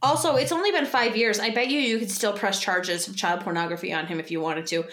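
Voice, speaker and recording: A woman's voice: mid-range voice, fast talker, fairly bright tone, reverberant. A young woman co-hosting a casual advice podcast, chatty and full of fillers. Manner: chatty storyteller, lots of fillers and acted quotes. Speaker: podcast co-host.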